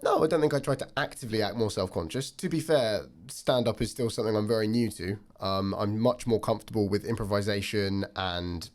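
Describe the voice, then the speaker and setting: A young man in his twenties co-hosting a chat podcast, talking politely and thoughtfully with many pauses and fillers. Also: fairly low pitch, a little mellow. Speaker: podcast co-host, stand-up comedian. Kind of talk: casual chat.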